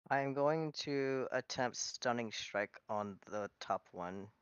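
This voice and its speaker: A man's voice: medium pitch, takes it slowly, smooth, no room sound, lo-fi sound. A man playing a tabletop game, working out his turn aloud with some hesitation. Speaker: player. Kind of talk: tabletop game play, casual.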